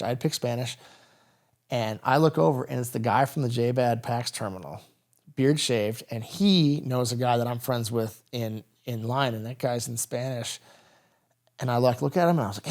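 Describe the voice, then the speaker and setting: A man in his thirties, a veteran guest on a podcast, telling stories casually and acting out the dialogue. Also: medium pitch. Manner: rapid, animated anecdotes with quoted dialogue. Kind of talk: casual storytelling interview.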